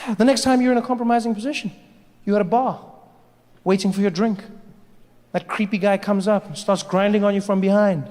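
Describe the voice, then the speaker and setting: A man doing stand-up comedy on a theatre stage, telling stories in a lively, confiding way. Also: high-pitched, fairly quick, long pauses. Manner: animated storytelling, confiding. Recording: live stage, long hall reverb, faint noise.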